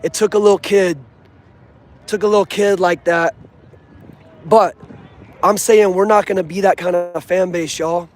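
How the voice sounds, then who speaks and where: Standing outdoors near a stadium, a young man vlogs about his football team, earnest and casual, in street slang. His high voice stays steady at a measured pace, broken by long pauses.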